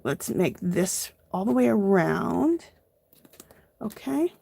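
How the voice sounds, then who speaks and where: A woman's voice: mid-range voice, very animated, slow, gravelly, warm tone, breathy edge. Chatty woman hosting an art tutorial. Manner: chatty, addresses viewers as "you guys". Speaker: art journaling host. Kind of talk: casual livestream art tutorial.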